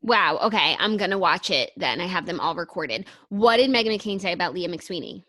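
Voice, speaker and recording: Bright-voiced young woman co-host. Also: fairly low pitch, animated, a little fast. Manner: earnest, thoughtful, filler-heavy. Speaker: podcast co-host. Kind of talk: casual chat.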